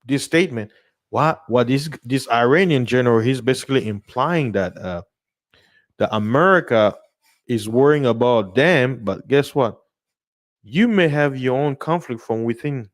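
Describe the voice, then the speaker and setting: Chatty man rambling through news. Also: mid-range voice. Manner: rambling, laughs often, repeats words. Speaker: channel host reading news. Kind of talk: casual livestream commentary.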